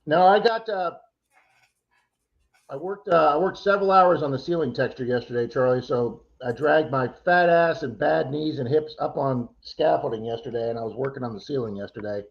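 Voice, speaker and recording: A man's voice: mid-range voice, normal speed, creaky, highs cut off. A man co-hosting a casual livestream, chatty and teasing as he reads out viewer names. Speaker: livestream co-host.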